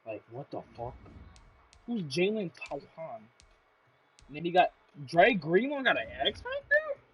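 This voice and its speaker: A man's voice: a little high, wildly swooping pitch, unhurried. A man streaming a console game live, chatting casually with blunt, profane, exasperated trash talk.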